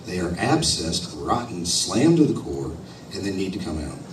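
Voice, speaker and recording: A man's voice: sits low, big pitch swings, normal speed, voice pushed down. A man doing a blunt, no-nonsense dentist. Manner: blunt, matter-of-fact. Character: blunt, frank male dentist. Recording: roomy hall, distant mic, noisy.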